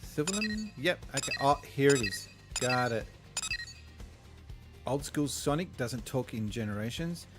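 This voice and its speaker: A man's voice: medium pitch, expressive, a little slow, music in the background. A man, streaming a game and telling rambling, profane anecdotes with frequent chuckles. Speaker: gaming streamer. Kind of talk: casual gameplay chat.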